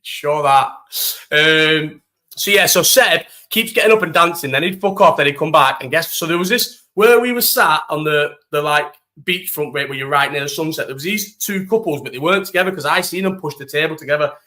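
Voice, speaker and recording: Chatting casually on a live stream, this young host tells lively stories loaded with curse words and slang. He speaks a little fast in a slightly high voice.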